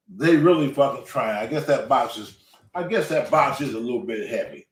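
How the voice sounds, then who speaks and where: Older man in his sixties, animated and profane storytelling, lively pitch, roomy off-mic sound. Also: moderate pace, recorded from a distance. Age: 60s. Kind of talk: casual storytelling. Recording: roomy room, away from mic.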